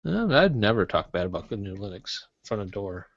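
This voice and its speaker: A man with a low, gravelly, slightly bright voice and big pitch swings co-hosts a tech podcast at a moderate pace. He jokes casually and muddles through reading listener mail, all in dull, dry lo-fi audio.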